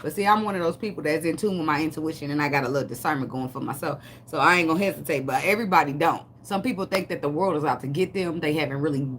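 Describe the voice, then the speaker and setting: A woman's voice: low-pitched, racing, few pauses, a little hiss or hum. A woman giving a casual tarot reading, cursing, joking and laughing between cards. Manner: loud, laughing, profane, joking asides. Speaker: tarot reader.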